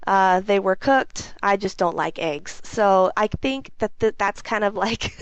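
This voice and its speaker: Hoarse young woman, casual vlog. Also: medium pitch, animated, measured pace, no room sound, poor audio. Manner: chatty, frank, lots of ums. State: hoarse from a cold. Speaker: gaming video host.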